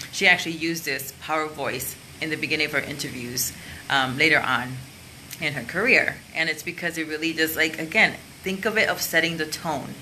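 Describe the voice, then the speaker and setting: A woman's voice: low-pitched, pushed and bright, slight background noise, low-quality recording. A woman coach giving a casual, chatty lesson to camera and showing the points with her own voice. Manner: open, chatty, demonstrates with her voice. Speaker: career and sales coach.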